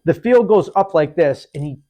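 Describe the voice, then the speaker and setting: A man hosting a podcast, telling a hunting story in a lively, casual way, acting out what people said and often restarting his sentences. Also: fairly high pitch, moderate pace. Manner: animated, acts out quotes, repeats and restarts. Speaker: podcast host.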